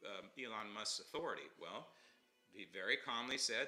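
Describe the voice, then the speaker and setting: A man hosting a political commentary livestream, opinionated and mocking, swinging from loud outbursts to low asides. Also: lively intonation, normal speed, faint music behind. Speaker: host.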